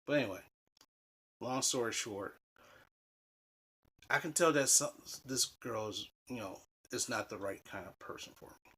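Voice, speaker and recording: A man telling personal dating stories in a casual, animated, rambling way, swearing freely and restarting sentences. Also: mid-range voice, a little slow, long pauses, slight background noise. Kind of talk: casual storytelling.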